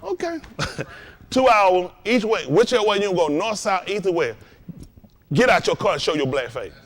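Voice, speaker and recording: A man hosting a casual lesson stream. He tells stories in an animated, laughing way. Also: high-pitched, moderate pace. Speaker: host and teacher. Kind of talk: casual joking lesson talk.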